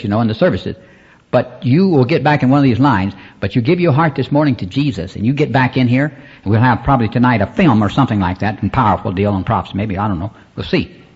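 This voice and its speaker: Husky-voiced male preacher, rambling sermon with congregation call-outs, muffled cassette sound. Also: mid-range voice, a little mellow. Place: church service. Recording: dull lo-fi cassette recording.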